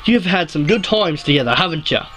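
A chummy, easygoing gym leader, as a man puts him on in a wobbly mock Australian twang, pitched well above a normal speaking voice. He is buddy-like and calls everyone mate, like a video game character read aloud. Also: animated, quick pace, a bit bright, soft background music. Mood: friendly. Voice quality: clumsy put-on Australian accent. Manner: calls people mate and blokes. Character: friendly male gym leader, laid-back and chummy.

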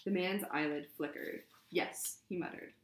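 A woman's voice: lowish voice, normal speed, gravelly, a little hiss or hum. A woman hosting a podcast, reading a story aloud and chatting casually with fillers. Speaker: podcast host. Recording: roomy echo.

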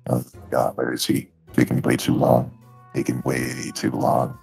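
Man doing a rumbling gravelly fork-faced thief. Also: completely flat delivery, a little slow, darkish tone, soft background music, heavily acted. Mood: anxious. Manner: smooth campaign-speech delivery. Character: deep-voiced fork-faced thief posing as a politician. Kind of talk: VR role-play.

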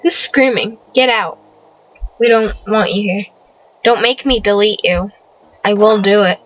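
A woman's voice: mid-range voice, unhurried, a little hiss or hum, poor audio. A young woman hosting a casual let's play, commenting on her game, often exasperated and cursing at the characters she controls. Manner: exasperated, swears a lot, scolds the game characters. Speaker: gaming channel host.

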